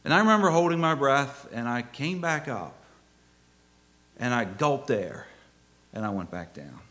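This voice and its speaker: Middle aged preacher guy telling a story, voice jumps all over, goes quiet then loud, bright tone. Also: medium pitch, very animated, unhurried. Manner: storytelling, swings from hushed to loud exclaiming. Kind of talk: sermon.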